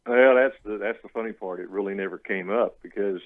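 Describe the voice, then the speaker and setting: A man's voice: on the low side, fairly quick, poor audio. A man in his late fifties from Louisiana, telling his story as a radio interview guest, rambling with restarts. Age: 50s. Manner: rambling storyteller with restarts, acts out what others said.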